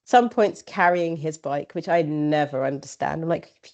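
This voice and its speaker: A woman's voice: low-pitched, measured pace, a little mellow, muffled recording. A woman guest on a running podcast, chatting casually and acting out conversations she has had. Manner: chatty, acts out quoted exchanges, laughs often. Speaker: ultrarunner guest.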